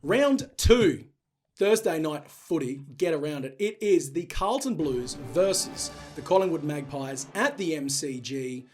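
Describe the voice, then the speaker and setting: An Australian man hosts a casual sports chat show with cheeky, teasing banter. His voice sits a little higher than most men's. He laughs easily between jokes. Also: normal speed, hardly any pauses, faint music behind. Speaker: podcast host.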